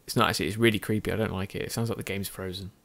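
A man's voice: lowish voice, steady tone, rapid-fire, gravelly, a bit bright. A tired man, chatting casually as he plays a game and often correcting himself. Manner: rambling, self-correcting, chatty. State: tired with a sore throat. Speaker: gaming video host.

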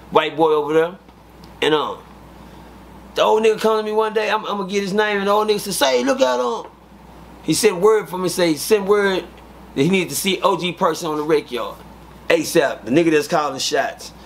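A man, an interview guest, telling prison stories in a profane, animated way and acting out the dialogue. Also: on the high side, a little hiss or hum. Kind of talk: casual storytelling.

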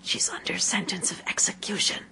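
A woman voicing a timid, anxious male rabbit in an audiobook, in whispered role-play with hushed, frightened words. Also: high voice, huge pitch swings, normal speed, voice pushed up.

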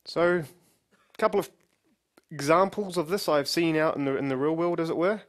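A man's voice: fairly high pitch, normal speed. A middle-aged man giving a conference keynote on stage as a company CEO, joking with the audience and leading it in games. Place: large conference hall with audience.

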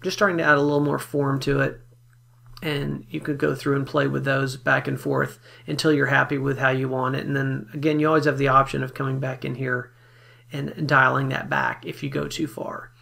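A man giving a relaxed, step-by-step photo editing software tutorial, talking casually with fillers as he works. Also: medium pitch, moderate pace, vocal fry. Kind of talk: screen-recorded software tutorial.

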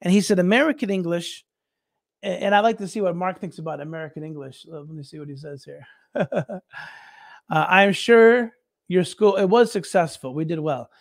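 A man with a somewhat raised pitch tells a lively anecdote, jumping into the voices of the friends he quotes and chuckling at his own punchline. The sound is dry and close, with no room echo. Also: normal speed, gravelly. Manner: animated, laughing, acts out quoted friends. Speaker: missionary guest. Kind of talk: casual storytelling on a talk show.

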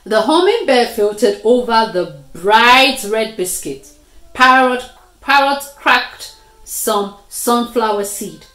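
Lady reading a kids story real slow and bouncy, echoey room. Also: on the high side. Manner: lively, slow, expressive reading. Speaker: children's story reader. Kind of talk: reading a children's story aloud.

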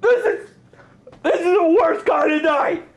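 A man's voice: very high-pitched, expressive, a little slow, rough recording. A man playing a melodramatic, lonely young man who whines and shrieks through theatrical rants in a comedy sketch. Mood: hysterical.

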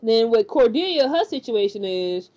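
Woman, higher voice, chatty TV recap host who acts out lines; slightly dull lo-fi sound. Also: moderate pace. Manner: animated, chatty, lots of fillers and acted-out quotes. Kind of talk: casual spoken recap.

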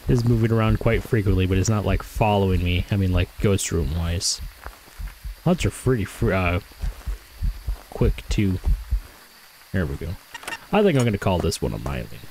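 A man with a lowish voice talks casually through his gameplay, thinking out loud and correcting himself as he goes. Now and then he speaks straight to the ghost he is hunting. A faint hiss sits under the recording. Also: sing-song, normal speed, long pauses, low-quality recording. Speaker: gaming streamer.

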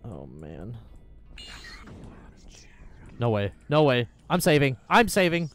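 A young man commentating his own game as he plays, reacting loudly with panicked yelling, curses and laughter. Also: medium pitch, huge pitch swings, takes it slowly, long pauses. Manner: loud, jumpy reactions, swearing and panicked yelling. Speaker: gaming YouTuber. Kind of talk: let's play commentary.

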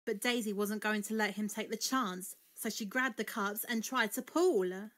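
In a medium-pitched voice, a woman narrates a kids' picture book at an ordinary pace, reading it out expressively.

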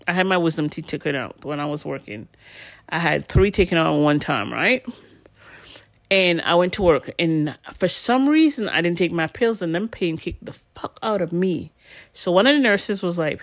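A woman's voice: on the low side, dry recording, studio quality. A middle-aged woman, a nurse, telling stories bluntly in casual commentary with slang and swearing. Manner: blunt, animated storytelling with lots of slang and swearing.

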